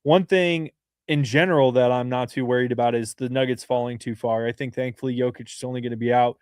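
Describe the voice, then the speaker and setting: A man in the middle of his range talks sports in a casual podcast chat, earnest and quick, with little room sound around him. He restarts phrases often as he builds his points. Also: mid-range voice, fairly even intonation, darkish tone, clear, resonant tone, dry recording, clean studio sound. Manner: earnest, fast-flowing analysis with many restarts.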